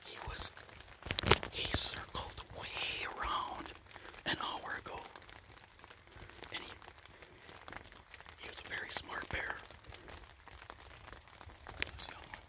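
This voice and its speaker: A man whispering excitedly in a hunting vlog from a blind outdoors, shaking with adrenaline, recorded on a handheld camera. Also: slow pace, pauses often. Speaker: bear hunter.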